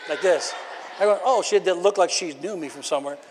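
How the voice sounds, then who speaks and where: High-voiced pastor preaching in a reverberant church. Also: male voice, quick pace, slight background noise. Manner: conversational preaching with rising shouted bursts. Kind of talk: sermon. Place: church sanctuary. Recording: long hall reverb of a church.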